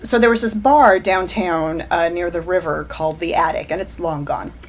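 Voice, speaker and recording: A woman's voice: lowish voice, moderate pace, slight background noise. A woman in her forties, an author telling rambling anecdotes in a casual chat over a video call. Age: 40s. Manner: rambling anecdotal storyteller, frequent restarts and laughs. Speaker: author guest.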